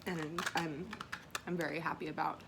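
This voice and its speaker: The recording is very noisy. A woman whose voice sits low speaks flatly at a moderate pace, vlogging an unboxing at home and reading affirmation cards, emotional, self-conscious, and a bit teary from crying, with soft, tearful moments.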